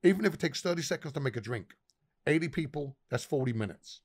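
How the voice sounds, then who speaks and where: A man's voice: on the high side, lively intonation, fast talker. A middle-aged man, a pub owner guest, telling stories animatedly with lots of swearing and acted-out dialogue. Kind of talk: casual storytelling.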